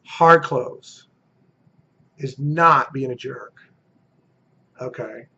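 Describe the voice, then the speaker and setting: A man's voice: mid-range voice, extremely slow, bright, forceful tone, husky, muffled recording. A man giving a motivational sales coaching talk. He is emphatic, repeats his key phrases and acts out short role-play exchanges. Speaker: real estate team recruiter.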